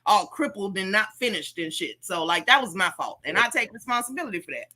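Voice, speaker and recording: A young woman co-hosting a casual livestream chat, blunt and animated, swearing freely. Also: medium pitch, brisk. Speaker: podcast co-host.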